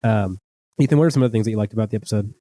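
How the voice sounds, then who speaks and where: Fast-talking man in casual chat. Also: lowish voice, dark tone, no echo. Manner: rambling, frequent "like" fillers. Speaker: podcast co-host. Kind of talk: casual chat about a TV episode.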